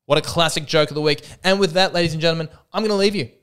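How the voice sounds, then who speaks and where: A man's voice: on the high side, rapid-fire, fairly bright tone, smooth. A man hosting a solo comedy podcast, talking in a wry, self-mocking way and acting out the voices in his jokes. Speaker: podcast host.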